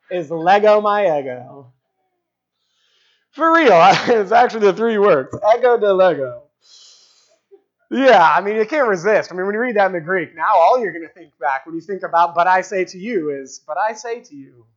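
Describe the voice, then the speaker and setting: A preacher giving an expository sermon, explaining the original language of a text and repeating key phrases for emphasis. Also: mid-range voice. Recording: dull lo-fi recording.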